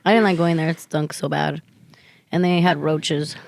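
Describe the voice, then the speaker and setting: A woman's voice: low-pitched, fairly even intonation, moderate pace, creaky, no echo. A woman in her twenties co-hosting a podcast, dropping blunt, slangy quips. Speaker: podcast co-host. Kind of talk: casual chat.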